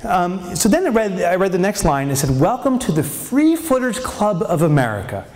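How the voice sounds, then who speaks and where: A man giving a humorous business keynote on stage, telling a story in an animated way and acting out scenes with shouts. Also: high-pitched, normal speed. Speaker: keynote speaker. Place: on stage in a large venue. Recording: long hall reverb.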